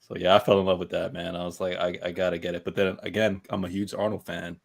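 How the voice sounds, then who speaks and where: A man's voice: low voice, fast talker, creaky. A man co-hosting a casual podcast chat about collecting statues, telling stories animatedly and acting out what his friends said. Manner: animated storyteller, acts out quoted friends. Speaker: podcast co-host.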